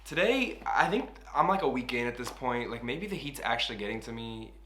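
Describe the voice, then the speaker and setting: A man's voice: medium pitch, animated, a little fast, sharp tone, slight background noise. A man in his thirties talking casually to camera in a travel vlog, chatty and sarcastic, swearing and laughing often. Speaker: travel vlogger. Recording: music playing over the voice.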